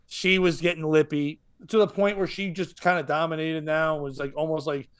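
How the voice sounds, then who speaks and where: A man's voice: a little high, fairly even intonation, moderate pace, clean tone. A stand-up comedian co-hosting a podcast, telling a rambling story full of fillers and chuckling at his own tale.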